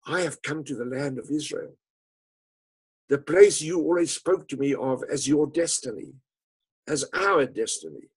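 Earnest young son, husky voice, pleading , put on by a male storyteller. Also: on the high side, expressive, unhurried. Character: young adult son far from home, earnest.

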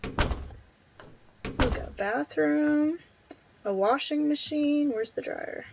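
Woman gamer, casual wry commentary, slightly high voice, dull lo-fi mic, faint hiss. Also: takes it slowly, creaky, darkish tone. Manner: chatty, wry, reads game text aloud. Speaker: let's play gamer.

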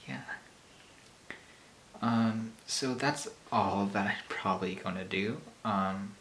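A man's voice: fairly low pitch, flat delivery, takes it slowly, a bit bright, slight background noise. A man hosting his own channel, talking casually and nervously with lots of hesitations. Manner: nervous, hesitant, many fillers and self-deprecating laughs. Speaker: channel host. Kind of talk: casual vlog talk.

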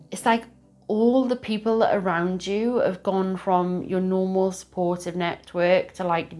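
Chatty low-voiced woman. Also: darkish tone. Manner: chatty, rambling, laughs often. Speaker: tarot reader. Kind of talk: casual tarot reading to camera.

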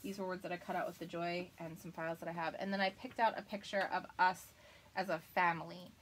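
A woman's voice: fairly low pitch, little pitch movement, fast talker, slight background noise. A woman in her thirties hosting a live crafting video, chatting casually and laughing often. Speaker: crafting livestream host.

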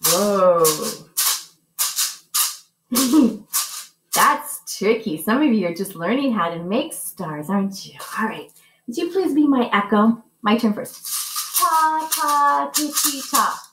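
A woman music teacher giving a lesson to young children, speaking slowly and patiently and chanting rhythm syllables. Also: medium pitch, very animated, echoey room.

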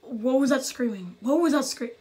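A woman's voice: high-pitched, lively intonation, normal speed, a little mellow. A woman hosting a scary-video reaction, jumpy and stammering, with gasping exclamations. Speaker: reaction channel host. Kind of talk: scared reaction commentary.

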